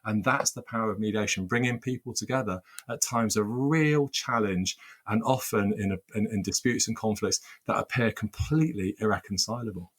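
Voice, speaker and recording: A man's voice: fairly low pitch, normal speed, few pauses, husky. A man working as a workplace mediator, answering interview questions earnestly, often repeating words as he restarts and building lists of phrases.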